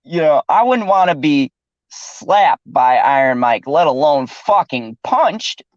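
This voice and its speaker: A man's voice: fairly high pitch, lively intonation, takes it slowly, no room sound. A man hosting a casual podcast chat, laughing often and cursing freely. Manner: laughs often, loose and profane. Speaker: host. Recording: dull, dry lo-fi recording.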